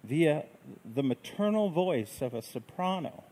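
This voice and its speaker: A man preaching a sermon in a gentle, reflective way, with unhurried phrasing. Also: a little high, expressive, breathy edge, low-quality recording. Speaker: pastor.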